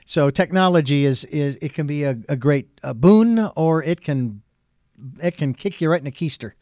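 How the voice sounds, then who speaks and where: A man's voice: a little high, lively intonation, normal speed, a little mellow, no echo, clean studio sound. A man hosting a talk show, speaking in a folksy, reflective way with fillers and restarts. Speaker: radio show host. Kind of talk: casual talk show conversation.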